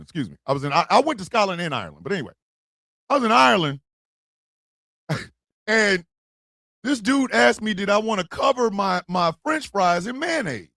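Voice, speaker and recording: An American man hosting a podcast, joking loudly and laughing through rowdy casual banter. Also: sits high, no room sound. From United States. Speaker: podcast host. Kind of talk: comedic casual chat.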